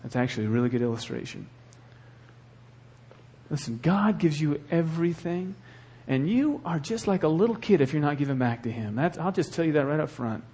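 A middle-aged male pastor preaching a sermon with animated delivery and acted asides. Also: fairly high pitch, brisk, breathy edge.

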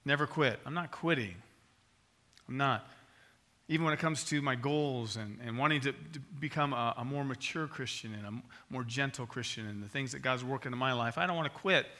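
Bright-toned guy preaching, pushes hard on repeated lines, gets loud then drops. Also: medium pitch, a little fast. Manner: emphatic, repetitive exhortation with sudden swells in volume. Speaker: pastor. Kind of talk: sermon with closing prayer.

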